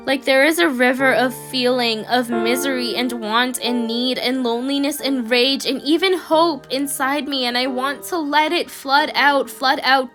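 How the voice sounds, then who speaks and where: High-voiced woman narrating a story over music. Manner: soft, halting inner monologue. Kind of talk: first-person story narration. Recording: music playing behind.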